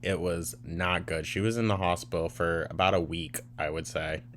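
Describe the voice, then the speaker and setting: A man's voice: sits low, fairly even intonation, moderate pace, a bit bright, a little hiss or hum. A man hosting a reaction commentary, sarcastic, blunt and profane as he picks apart a clip. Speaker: commentary host.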